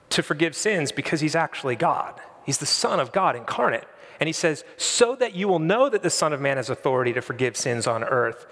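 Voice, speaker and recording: A man's voice: a little high, a bit bright, long reverb tail. A man preaching a sermon in a conversational, storytelling way, painting vivid scenes for his congregation in a church. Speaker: pastor.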